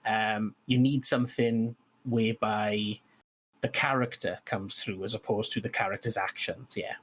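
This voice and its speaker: A man's voice: lowish voice, fairly even intonation, unhurried, fairly bright tone. A man co-hosting a podcast in casual chat about tabletop games, talking hesitantly with many restarts. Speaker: podcast co-host.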